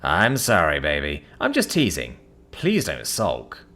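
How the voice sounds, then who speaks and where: A man voicing a teasing, smug human boyfriend, speaking low and soft. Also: wildly swooping pitch, measured pace, exaggerated voice.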